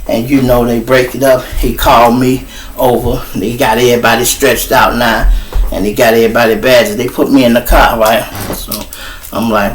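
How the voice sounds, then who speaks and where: Profane storyteller, mid-pitched man. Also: little pitch movement, normal speed, slight background noise. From Chicago. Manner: profane, boastful, talks straight to the audience. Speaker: show host. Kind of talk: casual storytelling.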